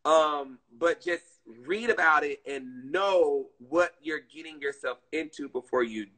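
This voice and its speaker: A bright, slightly higher-pitched man talks to his live-stream viewers. He rambles through stories in a chatty, emotive way, full of fillers and asides. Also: a little slow, low-quality recording.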